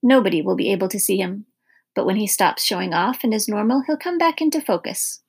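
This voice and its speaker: A woman voicing a calm, reassuring older woman who speaks matter-of-factly. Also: mid-range voice, brisk, husky. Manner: matter-of-fact.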